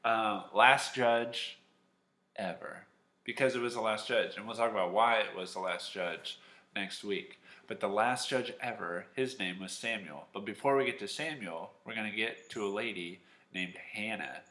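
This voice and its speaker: A man teaching a Sunday school lesson at home, telling a Bible story in a lively, animated way. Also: fairly low pitch, moderate pace. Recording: echoey room.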